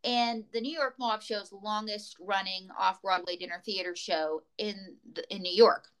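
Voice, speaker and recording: Bright, rambling woman comedian. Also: medium pitch, fairly even intonation, normal speed, clean tone, low-quality recording. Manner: rambling, tangent-prone storytelling. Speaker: stand-up comedian guest. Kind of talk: casual chat.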